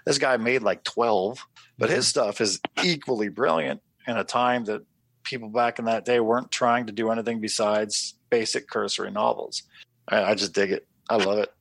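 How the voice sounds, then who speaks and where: A man co-hosting a podcast, chatting casually and telling animated stories, swearing and acting out his own reactions. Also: lowish voice, moderate pace, vocal fry. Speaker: podcast co-host. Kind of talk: casual chat.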